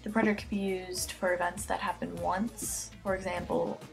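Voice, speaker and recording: A teenage girl, working as an amateur Spanish tutor, gives a casual homemade grammar lesson close to her computer's webcam mic, with soft music in the background. Her voice is on the low side and creaky, with a flat delivery at a moderate pace. She's chatty and jokey and often gets sidetracked.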